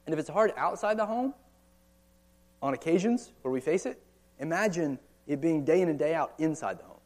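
A man's voice: fairly high pitch, lively intonation, fairly quick, darkish tone. A man in his thirties with an American accent, preaching a sermon in a conversational way with frequent rhetorical questions and casual asides. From United States. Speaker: pastor. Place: church or meeting hall.

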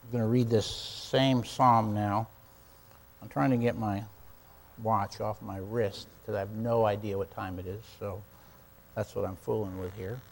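A man teaching an adult Bible class in a church room, talking conversationally and reading scripture slowly and emphatically. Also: on the low side, fairly even intonation, creaky.

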